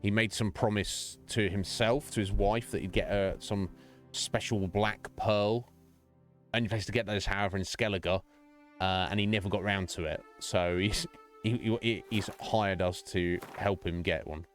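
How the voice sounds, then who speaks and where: A man with a fairly low voice chats casually through a game stream, musing aloud and meandering between thoughts. Soft game music hums faintly behind him. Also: steady tone, a little slow. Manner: rambling, thinking aloud while playing. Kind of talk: casual let's-play commentary.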